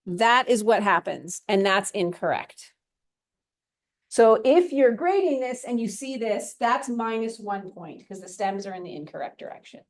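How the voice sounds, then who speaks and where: A woman music theory instructor talking through a software lesson step by step in a chatty, self-correcting way. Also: medium pitch, lively intonation, a little slow. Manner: chatty, talks through steps as she clicks, self-correcting. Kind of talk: recorded screen-share lesson.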